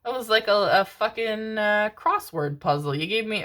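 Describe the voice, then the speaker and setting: A woman's voice: medium pitch, moderate pace, hardly any pauses, a bit bright. A woman giving a channeled tarot reading, calling listeners "my darlings," swearing casually and murmuring repeated syllables while she tunes in. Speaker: tarot reader.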